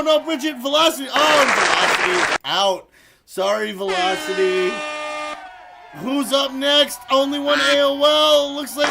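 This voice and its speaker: A man's voice: very high voice, vocal fry. A man hosting a live stream, playfully announcing players as they drop out of a game, often laughing. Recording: loud crowd and noise behind.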